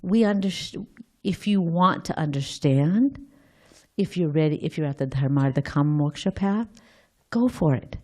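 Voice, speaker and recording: A woman's voice: deep voice, expressive, unhurried, a little mellow. A woman giving an informal scripture class, thinking aloud, quizzing her listeners and often restarting her sentences.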